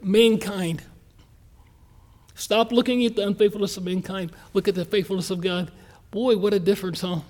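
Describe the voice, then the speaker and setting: Preaching with a folksy earnestness, this pastor has a high-pitched male voice that is steady and darkish in tone. Key lines get slowed down for emphasis, while quick asides are rushed through.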